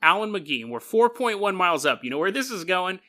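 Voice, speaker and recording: A man hosting a podcast, telling stories in a casual, joking way, laughing often and putting on quick voices for the people in them. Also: high-pitched, big pitch swings, bright, forceful tone. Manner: laughs often mid-sentence. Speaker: podcast host. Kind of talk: casual storytelling monologue.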